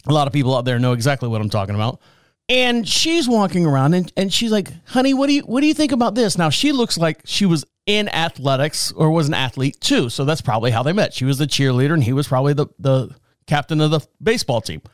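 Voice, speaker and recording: Male host with a fairly high, smooth voice, telling a wry, rambling comic story. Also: animated, fast talker, no echo, studio quality. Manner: rambling, wry, chuckling asides. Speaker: podcast host. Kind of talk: casual comic storytelling monologue.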